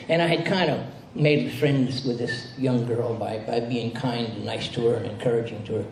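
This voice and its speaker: A man's voice: medium pitch, fairly even intonation, normal speed, vocal fry, few pauses. A male pastor giving a sermon as a conversational story, with frequent restarts and acted quotes. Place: spiritual center hall. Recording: roomy hall with faint noise.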